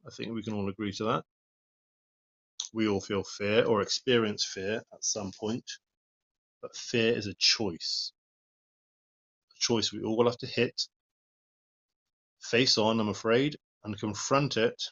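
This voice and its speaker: A man's voice: on the low side, fairly even intonation, unhurried, long pauses, fairly bright tone, muffled recording. A man giving an informal devotional talk, reading Bible verses and commenting on them in an earnest, plain-spoken way. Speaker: lay preacher.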